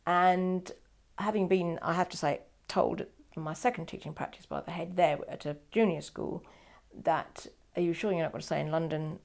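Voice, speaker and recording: An older woman recalls her past in an interview. Her voice sits low with a gravelly edge, and she acts out the dialogue of the people she remembers. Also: moderate pace, few pauses. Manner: animated, acts out quoted dialogue. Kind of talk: personal storytelling.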